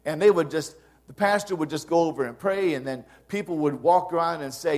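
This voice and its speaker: A man's voice: on the high side, lively intonation, a little fast, few pauses, darkish tone. A male pastor preaching a sermon in an earnest, conversational way, pushing up into emphatic rises to stress his points.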